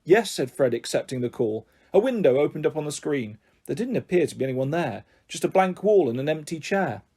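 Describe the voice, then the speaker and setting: A man reading a children's book aloud in an animated, expressive way. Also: fairly high pitch, a little fast, slightly rough. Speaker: storyteller.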